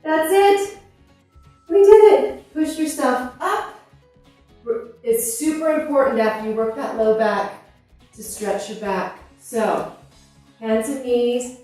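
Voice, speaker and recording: High-voiced woman in her fifties, out-of-breath workout coach, echoey room, distant mic, music playing behind. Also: slow pace. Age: 50s. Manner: encouraging, coaching through exercises while moving. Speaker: fitness instructor. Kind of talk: workout instruction. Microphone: clip-on mic.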